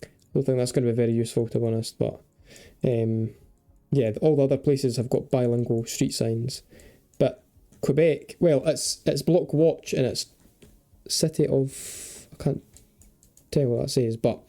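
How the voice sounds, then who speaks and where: A man's voice: mid-range voice, fairly even intonation, normal speed, warm tone, faint music behind. A young man giving chatty, casual commentary while playing a geography game, thinking aloud and swearing and joking freely. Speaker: gaming video creator.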